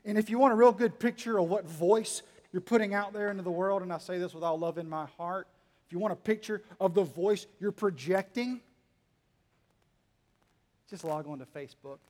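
A man preaching a sermon to his congregation, joking and teasing, swinging between quiet asides and loud emphatic lines. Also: high voice, normal speed. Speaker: pastor. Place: church hall. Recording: long hall reverb.

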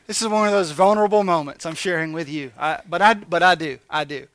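A man's voice: on the high side, fast, a bit bright. A man preaching a conversational sermon with jokey asides, talking candidly and animatedly to his congregation. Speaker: pastor.

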